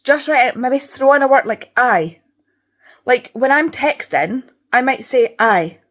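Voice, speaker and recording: A woman's voice: sits high, normal speed. A young Scottish woman talking casually in a home reading vlog, chatty and prone to swearing rants. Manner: chatty, ranting, swears freely. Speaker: book vlogger.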